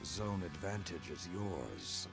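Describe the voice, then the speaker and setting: A stern battle announcer from a video game, barking clipped commands. His low voice is gravelly and swings widely in pitch. He speaks slowly and deliberately. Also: big pitch swings, over music, heavily acted. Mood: commanding.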